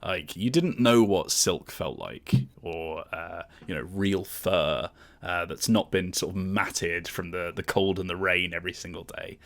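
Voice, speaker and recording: Low-voiced laid-back game master man. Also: measured pace. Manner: relaxed, lots of fillers. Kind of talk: narrating a tabletop game.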